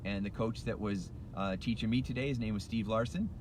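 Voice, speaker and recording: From his car at a red light, a middle-aged hypnotist and life coach rants passionately and emphatically to motivate, repeating key phrases again and again. He speaks a little fast in a low-leaning voice over a noisy background.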